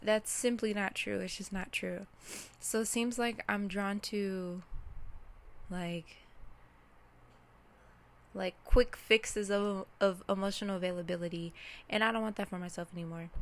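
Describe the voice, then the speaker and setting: A woman's voice: medium pitch, steady tone, measured pace, pauses often. A woman speaking candidly to camera about personal grief, close to tears as she works through her feelings. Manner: candid, emotional, talks to herself and viewers. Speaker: self-reflection vlogger. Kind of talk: unscripted personal reflection.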